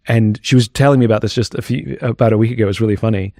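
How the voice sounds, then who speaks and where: A man's voice: fairly low pitch, fairly even intonation, racing, vocal fry, warm tone, no room sound, studio quality. A man talking candidly as an interview guest, reflective and thinking aloud as he goes.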